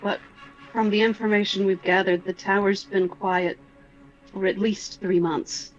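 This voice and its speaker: A kind woman adventurer, as a man voices her, speaking gently and reassuringly in a tabletop game. The voice sits high, and the sound is dull and lo-fi. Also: flat delivery, unhurried, soft background music. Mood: consoling.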